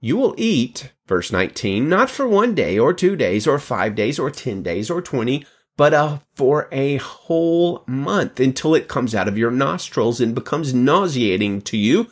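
A man's voice: mid-range voice, big pitch swings, measured pace. A man hosting a devotional, reading Bible passages aloud and commenting on them in a conversational tone with joking, self-deprecating asides.

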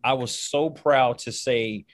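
A man speaks in an animated, emphatic way, with big swings in his delivery. He is a former football player who is a guest in an interview. The sound is dry and close-miked. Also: medium pitch, slow, no echo. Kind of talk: interview conversation.

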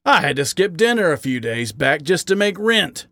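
A man's voice: a little high, big pitch swings, normal speed, creaky, a bit bright, dry recording, pitched above the performer's own voice, full character voice. A man voicing a tired, bitter gay badger who growls out his grievances. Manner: growling, weary.

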